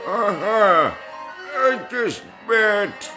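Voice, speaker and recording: A man putting on a squeaky sarcastic heckler. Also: expressive, drawn-out words, over music, full character voice. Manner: sarcastic, dismissive. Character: scoffing doubtful male heckler, sarcastic.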